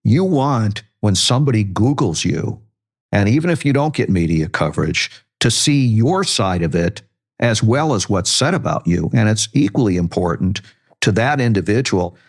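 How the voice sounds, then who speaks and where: A man with a low voice hosts the interview. He talks in a relaxed, conversational way and prompts his guest with questions. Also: normal speed. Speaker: podcast host.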